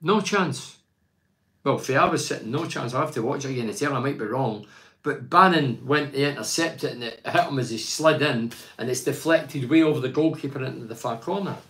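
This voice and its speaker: A man's voice: medium pitch, brisk, fairly bright tone. An older man, a former footballer chatting casually about his club and reading out fan messages, blunt and opinionated with plenty of rambling restarts.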